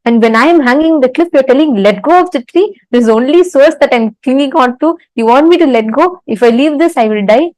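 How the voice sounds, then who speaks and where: A woman's voice: high voice, expressive, brisk, hardly any pauses, a little mellow, dry recording, poor audio. A woman voicing a frightened man in a story, pleading and arguing with God. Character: frightened desperate man clinging to a branch.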